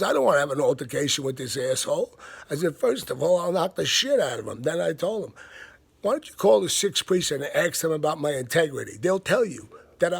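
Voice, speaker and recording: A man, telling a story in a blunt, profane, casual rant. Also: a little high. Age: 50s. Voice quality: gravelly, husky. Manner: profane, blunt, laughs between lines.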